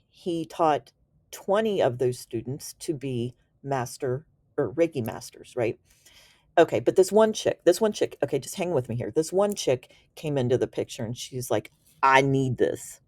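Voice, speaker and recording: A woman with a low, mellow voice tells a story in a relaxed, chatty way. Her talk is slangy and enthusiastic, with easy laughs in between. The sound is dry and close, with no room around it. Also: no room sound. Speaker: Reiki teacher. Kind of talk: casual storytelling explanation.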